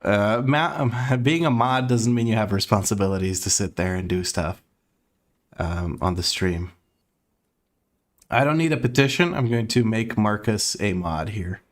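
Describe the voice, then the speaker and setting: A man's voice: fairly low pitch, normal speed. A man streaming from home, chatting casually with his audience, laid-back and laughing often as he reads chat aloud.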